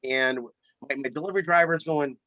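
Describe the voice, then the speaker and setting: A man with a bright, forceful voice pitched a little high tells a story about his flower shop. He repeats words as he gets going, animated and chatty. The sound is close and dry. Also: brisk, no room sound. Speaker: florist and shop owner. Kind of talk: casual storytelling in a podcast interview.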